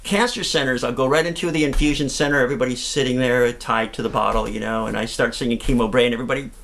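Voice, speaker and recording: A middle-aged man, a singer and cancer survivor, sings and then tells upbeat, joking stories from his own experience as an animated storyteller. His mid-range voice is creaky and fast, with a little hiss or hum on the recording.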